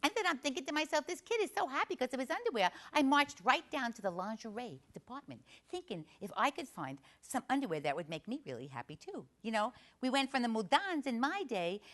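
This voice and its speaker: A woman playing a brash, chatty Italian-American aunt from northern New Jersey, telling a comic story in a confiding way with a New Jersey accent. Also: on the high side. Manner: chatty, confiding, asks the audience questions.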